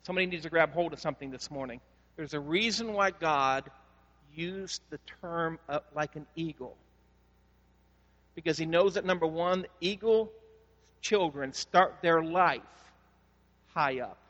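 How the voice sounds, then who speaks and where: Male pastor, high voice, storytelling sermon with stop-start restarts, big reverberant church hall. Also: fairly bright tone. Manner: conversational storytelling with repeated word restarts; rises to slow, emphatic preaching.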